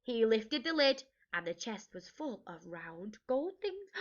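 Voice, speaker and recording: An English woman teacher reads a storybook aloud to young kids, lively and expressive, gasping and asking the listeners questions. Her pitch is fairly high and her pace unhurried, though the audio sounds dull.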